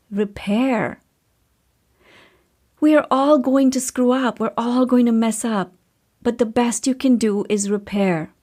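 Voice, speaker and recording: A woman in her thirties hosting a podcast, talking candidly and casually with a storyteller's chatty flow. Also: mid-range voice. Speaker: podcast host and coach.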